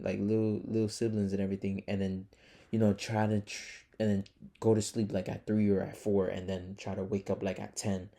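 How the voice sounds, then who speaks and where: A young man speaking to camera in a casual confessional vlog, with a gravelly, low and mellow voice that stays fairly flat. He rambles, restarts and keeps calling his viewers "guys" and "man". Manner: rambling, filler-heavy, earnest; calls the audience "guys" and "man". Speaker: trading vlogger.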